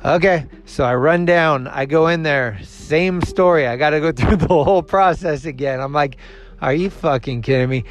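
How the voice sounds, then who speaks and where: A man telling a story in a casual monologue as a show host. He is animated, acts out the other people's lines, swears freely and laughs at himself. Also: on the high side, moderate pace, few pauses, soft background music.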